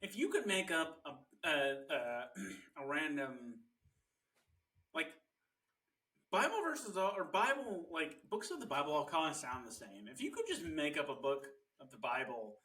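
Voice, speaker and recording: A young man tells a story in a loose podcast chat, with dry asides along the way. His voice is bright and a little high, and it sounds slightly distant from the mic. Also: wildly swooping pitch, unhurried. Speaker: podcast co-host. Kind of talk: casual chat.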